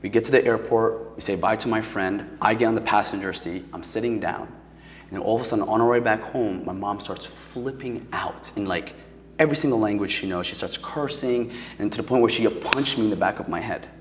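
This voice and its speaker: A man's voice: on the low side, brisk, in a large hall, a little hiss or hum. A man from New Jersey telling a personal story as a guest, in a casual, emotional way full of "like" and "um". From Paterson, New Jersey. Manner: casual and emotional, heavy with fillers. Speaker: podcast guest.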